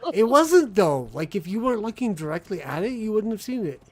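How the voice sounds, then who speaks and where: Mellow man chatting while he plays. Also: high-pitched, animated, fast. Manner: thinks aloud while playing, rambling with restarts. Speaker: streamer playing the game. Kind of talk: casual gameplay chat.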